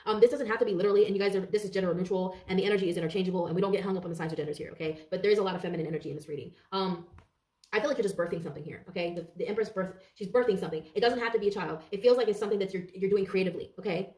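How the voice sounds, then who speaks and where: Woman tarot reader, rapid-fire casual talk, frequent swearing, roomy echo, set back from the mic. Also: medium pitch, distant mic. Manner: fast, profane, animated and talkative. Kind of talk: casual tarot reading to camera.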